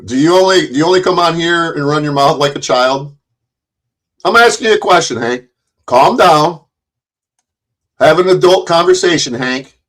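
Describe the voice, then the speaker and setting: A man hosting a livestream, talking in a somewhat high voice. He taunts his guests, keeps cutting in, and shouts profane insults as the argument heats up. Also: animated, normal speed, pauses often. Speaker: livestream host.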